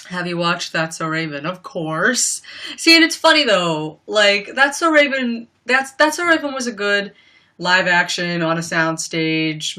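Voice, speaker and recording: A young woman talks casually into her computer mic during a livestream at home. Her voice sits low for a woman, with a bright, forceful edge, and she rambles with plenty of "like" and "you know.". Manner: chatty and rambling, many fillers and frequent laughs.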